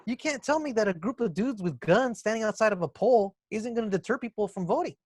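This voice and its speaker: A man's voice: high voice, animated, fast, a little mellow, no room sound. A man co-hosting a podcast, chatting casually and recapping events in detail. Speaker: podcast co-host. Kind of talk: casual political chat.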